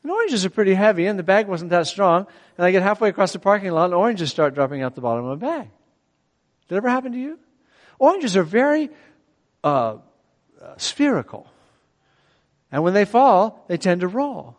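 A man's voice: high voice, fairly quick, long pauses, big-room sound. A middle-aged man preaching a sermon in a conversational way, often asking his listeners questions. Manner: animated, conversational, asks the audience questions.

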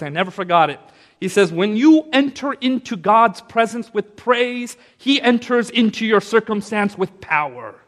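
A pastor with a high voice delivers a sermon, moving from quiet reflection to loud, emphatic proclamations. His preaching swings dynamically between soft and loud, and a long reverb carries his voice through a large hall.

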